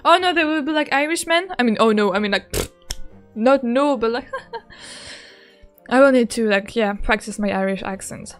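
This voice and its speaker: A woman's voice: on the high side, expressive, moderate pace, long pauses, soft background music. A woman streaming a game, chatting casually with a giggly, rambling manner and lots of fillers. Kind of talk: casual gameplay commentary.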